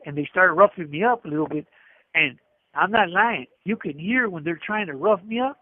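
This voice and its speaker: A man's voice: on the high side, normal speed, dry recording. Middle-aged man on a tinny prison phone line. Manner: rambling, acts out dialogue, frequent restarts. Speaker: prison inmate telling his story. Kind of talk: casual storytelling over a phone call. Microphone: prison telephone.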